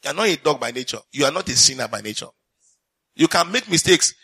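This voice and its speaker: A man's voice: on the high side, expressive, quick pace, bright, forceful tone, slightly rough. A man preaching a sermon, reading scripture aloud, repeating lines for emphasis and putting questions to the congregation.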